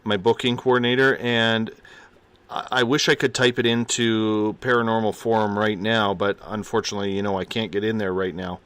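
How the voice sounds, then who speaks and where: A man hosting a call-in radio show, chatting with callers in an easy, friendly way. His voice sits at a middle pitch, and the sound is dry and close with no room echo. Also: little pitch movement, fairly quick, fairly bright tone, clear, resonant tone.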